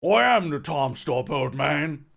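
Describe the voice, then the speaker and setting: A man voicing a gruff old man from a comic dub, with a rough, gravelly put-on voice and a slow, loud, drawn-out delivery. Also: a little high, lively intonation, full character voice. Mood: booming.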